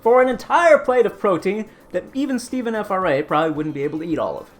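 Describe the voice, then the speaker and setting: A man's voice: high-pitched, expressive, fast. A man hosting a casual cooking live stream, chatty and rambling as he answers chat.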